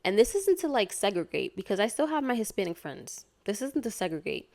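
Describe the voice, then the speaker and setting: A woman's voice: medium pitch, big pitch swings, fairly quick, darkish tone. A woman from Connecticut talking earnestly in a casual personal vlog, rambling with lots of fillers and restarts. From Hartford, Connecticut, USA. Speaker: vlogger.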